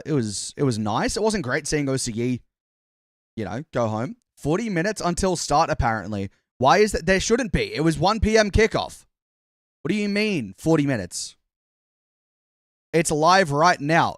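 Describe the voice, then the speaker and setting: A man's voice: a little high, no echo, clean studio sound. A young Australian man hosting a live stream, chatting casually and rambling, often cutting himself off to tease his chat. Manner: chatty, rambling, self-interrupting, teasing the chat. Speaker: livestream host.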